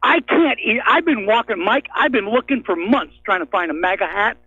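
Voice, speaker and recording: A man's voice: high-pitched, lively intonation, a little fast, sharp tone, husky, no room sound. A man calling in to a radio show, ranting in a furious, blunt and profane way. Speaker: caller. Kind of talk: angry call-in rant. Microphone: telephone. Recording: tinny phone line.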